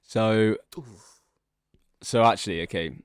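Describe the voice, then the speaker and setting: A man's voice: lowish voice, takes it slowly, clear, resonant tone, dry recording, clean studio sound. A young adult man, a podcast co-host, casually telling a long, rambling joke story and laughing as he goes. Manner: rambling, laughs often, drags out the setup.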